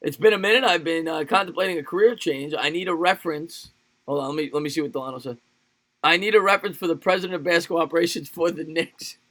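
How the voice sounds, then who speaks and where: A man hosting a live sports stream, calling plays with excitement and chatting casually with viewers between plays. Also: fairly high pitch, fast talker. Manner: excitable play-by-play calls, rambling chat between plays. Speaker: livestream sports host. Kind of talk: live play-by-play and chat with viewers.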